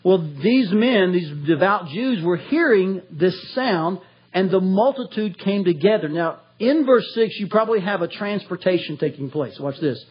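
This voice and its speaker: A Tennessee pastor delivers a verse-by-verse expository sermon, animated and acting out quotations in a raised voice. His voice is high and husky, at a moderate pace, and the recording has its highs cut off.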